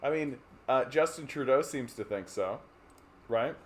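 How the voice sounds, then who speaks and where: Man, from Canada, livestream host, slow-paced, sarcastic rambling rant, mid-pitched. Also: slight background noise. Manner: sarcastic, swears, mocks people in put-on voices; rambling, with many fillers. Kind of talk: casual political rant.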